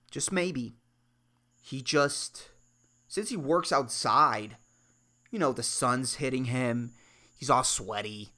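A man's voice: a little high, sharp tone. Rambling, swearing man on a comedy podcast. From Puerto Rico. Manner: rambling, swearing, swings between worked-up rants and mumbled asides. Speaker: podcast host. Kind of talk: solo comedy podcast monologue.

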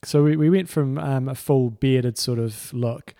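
Gravelly kiwi guy co-hosting a podcast, relaxed, chatty storyteller. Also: medium pitch, a little slow. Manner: laid-back storytelling, chuckles through anecdotes. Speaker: podcast co-host and triathlon coach. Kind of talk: casual chat.

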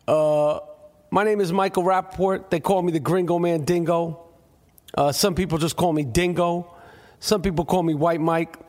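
Excitable stammering male podcast host. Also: a little high, long reverb tail. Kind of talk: comedic podcast hosting.

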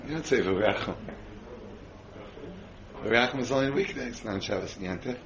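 A man's voice: lowish voice, moderate pace, lo-fi sound, crowd noise. A man teaching a Torah class to a group, often quizzing his listeners with questions and answering them himself. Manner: quizzes the audience with frequent questions.

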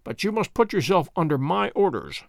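A man voicing a calm, wry detective who speaks in a measured, commanding way. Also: sits high, no echo, studio quality, heavily acted. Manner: measured, crisp, quietly amused.

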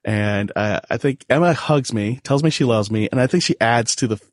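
A man's voice: medium pitch, moderate pace, no room sound, studio quality. A man in his forties, a podcast guest, telling a personal family story in a candid, self-deprecating way with frequent laughs.

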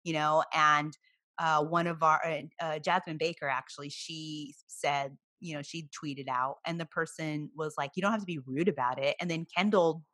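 Woman co-host, low voice with a bright forceful edge, emphatic storyteller. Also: steady tone, normal speed, no room sound. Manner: storytelling, emphatic, laughs easily. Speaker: podcast co-host. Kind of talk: casual chat.

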